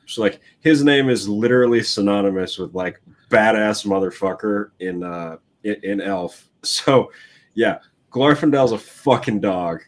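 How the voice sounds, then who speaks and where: A man's voice: lowish voice, measured pace. A man in casual book chat, enthusiastic and swearing freely, with lots of fillers. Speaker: book club co-host.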